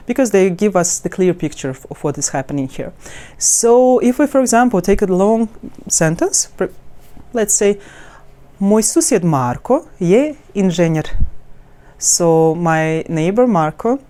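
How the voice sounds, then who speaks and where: Soft-toned woman teaching pronunciation. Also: fairly low pitch. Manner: halting, many restarts and fillers; demonstrates words slowly and melodically. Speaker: language teacher. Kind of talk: explaining pronunciation to camera.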